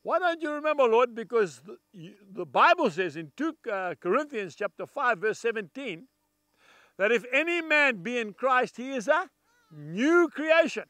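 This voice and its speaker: A man's voice: very high-pitched, big pitch swings, normal speed, sharp tone, no room sound. A man preaching a televised gospel message, talking to viewers in an earnest, folksy and emphatic way.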